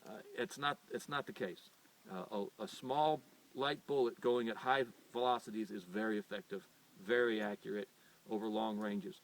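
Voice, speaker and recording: A middle-aged American man who hosts a firearms channel gives an unscripted opinion monologue, rambling, stumbling and repeating words, and turning earnest and insistent when he argues. He has a lowish voice at normal speed, picked up from a distance.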